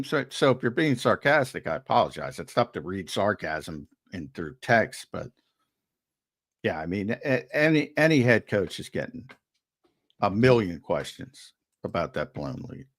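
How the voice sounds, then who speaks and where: A man's voice: lowish voice, sing-song, unhurried, fairly bright tone. A man co-hosting a sports talk show, arguing his points emphatically and often repeating words as he gets worked up. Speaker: co-host and sports analyst.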